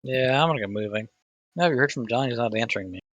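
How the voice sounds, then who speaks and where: A man's voice: medium pitch, very fast, fairly bright tone, no echo, lightly acted. A man reading as a laid-back teenage boy who talks offhandedly and swears casually. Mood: uneasy. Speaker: reader in a group readthrough. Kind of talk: live unscripted fan script reading.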